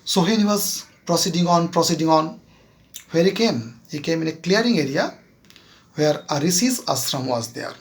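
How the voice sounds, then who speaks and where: A man with an Indian English accent tells a moral story to his students. His voice is slightly high and gravelly, and he talks in a slow, halting way with many fillers, often stopping to check that the class is following. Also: animated. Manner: keeps checking with "Clear?". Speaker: teacher.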